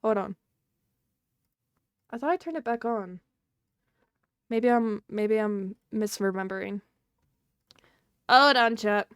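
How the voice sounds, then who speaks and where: A woman's voice: mid-range voice, slow, long pauses, a bit bright, clean tone, dry recording, studio quality. A woman streaming live, chatting casually and scatteredly with her chat and laughing often.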